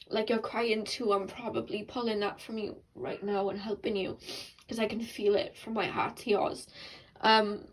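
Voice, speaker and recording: A woman's voice: fairly high pitch, low-quality recording. Earnest young woman giving a tarot reading. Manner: earnest, rambling, many fillers and restarts. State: tearful and emotional. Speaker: tarot card reader. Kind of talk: casual tarot reading to viewers.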